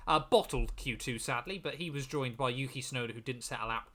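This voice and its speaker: A young man co-hosting a podcast, talking in a lively, self-deprecating way with quick asides. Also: medium pitch. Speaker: podcast co-host. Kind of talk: casual chat.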